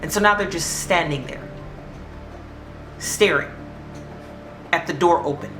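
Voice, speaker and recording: A woman's voice: fairly low pitch, unhurried. A woman telling a spooky story in a casual, conversational way, in an echoey room with faint music behind. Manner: animated, conversational.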